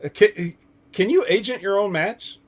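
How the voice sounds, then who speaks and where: A man hosts a casual podcast with a slightly high voice, recapping wrestling in a loose, joking way. He swears freely and laughs at his own jokes as he talks. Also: moderate pace. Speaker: podcast host.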